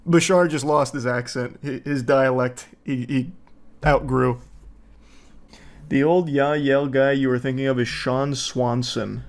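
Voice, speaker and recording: A man's voice: mid-range voice, fairly even intonation, unhurried, a little hiss or hum. A man in his thirties giving casual, sarcastic reaction commentary, swearing freely and mocking what he watches.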